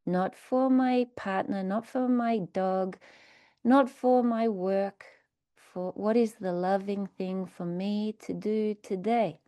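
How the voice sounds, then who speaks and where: Woman talking recovery and meditation, slow soothing repeats, warm mellow voice, dry. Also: medium pitch, steady tone, clear, resonant tone, no room sound. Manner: slow, soothing, repetitive phrasing. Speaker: recovery speaker leading a meditation. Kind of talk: guided meditation and recovery talk.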